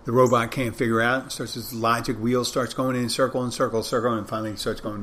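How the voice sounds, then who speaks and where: A man's voice: medium pitch, level tone, brisk, a bit bright, slight background noise. Rambling bartender man telling a story. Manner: rambling anecdotes, acts out dialogue. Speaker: bartender and podcast host. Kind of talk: casual storytelling monologue.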